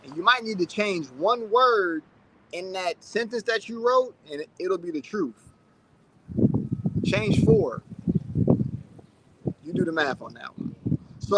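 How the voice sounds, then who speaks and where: A man's voice: high voice, a bit bright, a little hiss or hum. A man in his thirties hosting a casual livestream, chatting loosely and reading out viewer comments. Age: 30s. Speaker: channel host.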